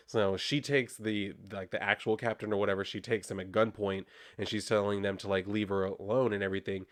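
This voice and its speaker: A man's voice: on the low side, steady tone, normal speed. A young man casually reviewing a comic book, reading out dialogue in a rambling, chatty way with many fillers and restarts.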